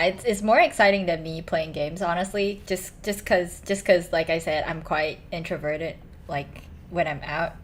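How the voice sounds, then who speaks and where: A young woman streamer chatting casually with a hoarse, strained voice, stumbling over restarts and fillers. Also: fairly low pitch. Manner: halting, many restarts and ums, self-conscious.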